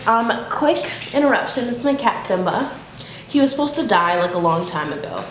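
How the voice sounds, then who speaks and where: Speaking fairly quickly in an animated, higher-pitched voice, a woman vlogs casually from home for YouTube. She laughs a lot and swears openly. The audio carries an echoey room sound and faint background hiss.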